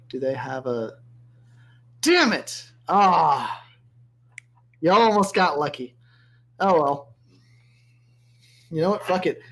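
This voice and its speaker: A game master runs a streamed tabletop session, swearing freely and tossing in quick jokes. Their pitch is middling and ordinary. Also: sing-song, fairly bright tone.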